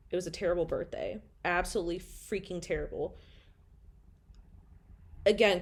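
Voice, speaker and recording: A young woman telling her own story in a rambling, candid way, full of "like" and blunt swearing. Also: fairly low pitch.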